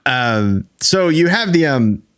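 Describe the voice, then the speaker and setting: A man co-hosting a casual podcast chat, explaining things in a relaxed, halting way. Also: medium pitch, clean tone. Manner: laid-back, hesitant with fillers. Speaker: podcast co-host.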